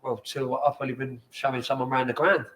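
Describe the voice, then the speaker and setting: A man's voice: mid-range voice, little pitch movement, fast, fairly bright tone. A man in his forties, a former footballer, telling rambling, sweary stories in a casual interview in a bar.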